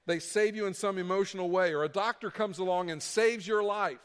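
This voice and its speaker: A man's voice: high-pitched, brisk, clear, resonant tone, long reverb tail. A man preaching a sermon, repeating key phrases for emphasis and acting out what people would say. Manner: preaching with emphatic repetition and acted-out quotes. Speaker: pastor.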